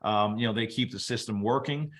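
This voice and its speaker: A man presenting a webinar, explaining soil biology at a relaxed teaching pace with casual asides. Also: lowish voice, brisk. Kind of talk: explaining soil science to an audience.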